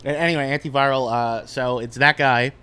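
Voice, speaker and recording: A man's voice: medium pitch, steady tone, brisk, pushed and bright, smooth. Man rambling through a movie plot. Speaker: podcast guest. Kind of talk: casual podcast banter.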